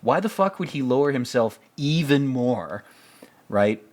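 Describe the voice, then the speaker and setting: A man's voice: medium pitch, very animated, measured pace. A man hosting a casual film commentary, rambling, profane and sarcastic as he picks apart a movie. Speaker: podcast host reviewing a film.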